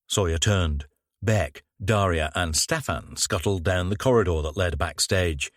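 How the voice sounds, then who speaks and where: Reading a crime novel aloud, a low-voiced male narrator keeps a steady, measured pace in this scripted audiobook narration. The close-miked recording is completely dry, without any room sound.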